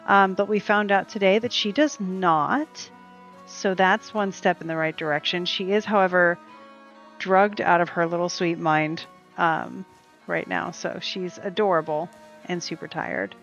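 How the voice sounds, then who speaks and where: In a lowish, fairly bright voice with fairly even intonation and a slightly slow pace, a woman chats casually while playing a cozy game. She rambles and answers the characters on screen. The lo-fi stream audio sounds dull, and faint game music plays underneath.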